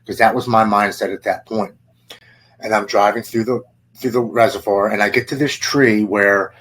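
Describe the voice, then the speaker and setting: A man in his forties, a podcast guest, giving an earnest personal testimony in halting, present-tense storytelling. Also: fairly low pitch, husky, rough recording.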